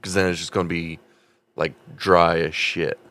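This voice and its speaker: A man's voice: sits low, level tone, normal speed, a bit bright. A man co-hosting a comedy podcast, explaining things matter-of-factly in casual chat, sometimes stumbling and restarting his words. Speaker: podcast co-host.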